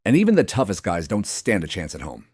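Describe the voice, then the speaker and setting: A man narrates in a wry, teasing way. His pitch moves a lot as he reads. A steady noise sits under the voice. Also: fast talker. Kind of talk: scripted narration.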